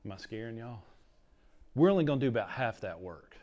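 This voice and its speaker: A man's voice: mid-range voice, lively intonation, brisk, darkish tone, highs cut off. A middle-aged man, teaching a class in a casual, rambling lecture full of stories. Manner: chatty, storytelling, uses "like" a lot.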